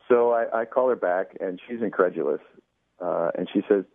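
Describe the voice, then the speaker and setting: A man with a very deep voice speaks as an interview guest over a tinny phone connection. He talks in a chatty, anecdotal way, acting out quoted exchanges and filling pauses with "you know". The sound is dry and close. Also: creaky, no room sound. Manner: chatty storyteller, acts out quoted dialogue, many "you know"s. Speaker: producer of a radio show.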